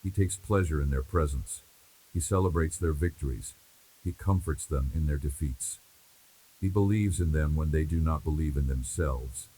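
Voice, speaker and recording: Man with an extremely deep voice. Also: warm tone, a little hiss or hum, low-quality recording. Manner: measured, repetitive, reassuring cadence. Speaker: devotional speaker. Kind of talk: scripted devotional message spoken in God's voice.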